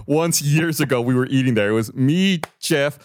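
A man's voice: medium pitch, moderate pace, no echo. A man co-hosting a podcast, telling stories in casual chat and getting heated over old grievances. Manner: animated storyteller, gets heated retelling grievances. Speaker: podcast co-host. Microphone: studio mic, remote recording.

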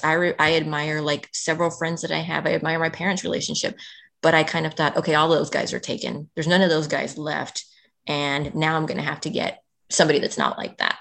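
A woman's voice: low-pitched, creaky. A woman, a podcast guest, telling a personal story in conversation, earnest and emotional, filling her speech with "like". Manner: emotional, earnest, heavy on "like" fillers.

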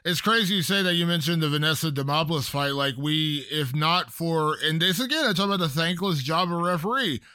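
A man's voice: fairly high pitch, a little fast, hardly any pauses, bright, forceful tone, smooth, no echo, studio quality. A man hosting a casual interview, stressing and repeating his points. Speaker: interview host.

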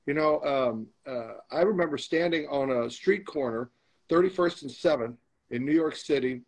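A man's voice: fairly high pitch, normal speed, slightly rough, low-quality recording. A man being interviewed as a guest, telling a candid story with emphatic, motivational repetition. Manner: emphatic, motivational, repeats phrases for stress.

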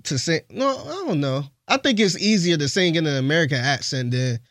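Casual higher-pitched man, dry sound. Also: expressive, brisk, fairly bright tone, no echo. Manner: laid-back, colloquial, hesitant with fillers. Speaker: podcast co-host. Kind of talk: casual chat.

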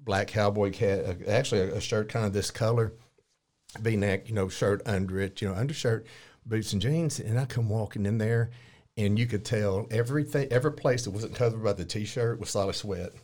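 A man, telling a story as an interview guest, lively and chuckling often as he acts out what people said. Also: fairly low pitch, moderate pace. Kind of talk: casual storytelling.

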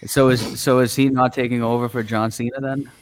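A man's voice: medium pitch, little pitch movement, fairly quick, rough recording. A man co-hosting a casual sports podcast over a video call, laid-back with short replies. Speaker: podcast co-host.

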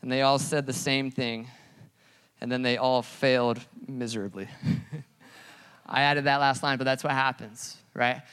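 A man's voice: medium pitch, fairly bright tone, clean tone. A man preaching a sermon as pastor, casual and joking between scripture readings. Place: church hall. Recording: large hall with long reverb.

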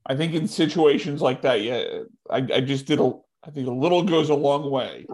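A man's voice: medium pitch, normal speed, darkish tone, a little hiss or hum. A man who acts, chatting casually and hesitantly, with many fillers and a disbelieving tone. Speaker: podcast co-host, actor. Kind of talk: casual chat.

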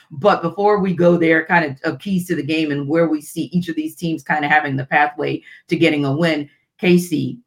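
Chatty man hosting a sports show. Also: fairly high pitch. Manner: chatty, loose, repeats words. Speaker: podcast host. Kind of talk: casual sports chat.

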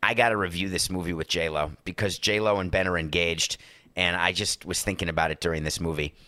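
A man's voice: low-pitched, fairly even intonation, brisk, pushed and bright, no room sound. A male podcast host giving sarcastic sports business commentary, often acting out the people he quotes.

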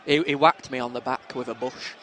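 A man's voice: medium pitch, steady tone, brisk, pushed and bright, slight background noise. A man with a Yorkshire accent, co-hosting a podcast and telling jokey stories in casual banter. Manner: chatty, jokey storyteller with dialect grammar. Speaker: podcast co-host.

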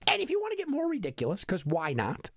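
Male podcast host, sarcastic ranting delivery, gravelly voice, dry close mic. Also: sits high, wildly swooping pitch, quick pace, a bit bright, dry recording. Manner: exasperated, sarcastic, emphatic repetition. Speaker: sports betting podcast host. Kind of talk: animated opinion monologue.

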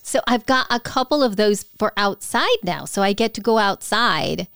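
A woman's voice: medium pitch, expressive, moderate pace, vocal fry, fairly bright tone, clean tone, no echo, clean studio sound. A woman co-hosting a podcast in casual chat, earnest and rambling, often correcting herself mid-sentence. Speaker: podcast co-host.

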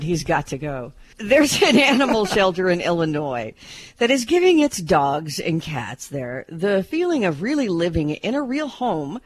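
A woman reporter delivers a pet news segment on a radio show. Her pitch moves a lot, and the dry, close sound keeps the room out of it. Her talk is loose and chatty. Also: dry recording. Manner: chatty, laughs while reading news. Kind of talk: radio news update with chat.

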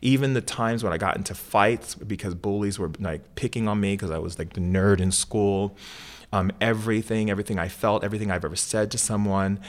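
A man's voice: on the low side, brisk. A middle-aged man earnestly retelling a vivid personal experience in an interview, with frequent fillers and restarts. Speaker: shaman and author, guest.

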